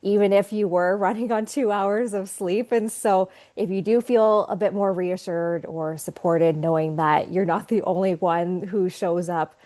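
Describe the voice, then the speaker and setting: A woman's voice: mid-range voice, steady tone, measured pace, few pauses, dark tone. A woman brand designer talking as a podcast guest, reflective and chatty, with frequent "like" fillers. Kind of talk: casual podcast interview.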